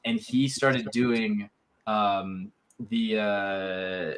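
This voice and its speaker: A man's voice: fairly low pitch, flat delivery, extremely slow, a little hiss or hum. A man hosting a casual podcast chat, talking in a rambling, filler-heavy way.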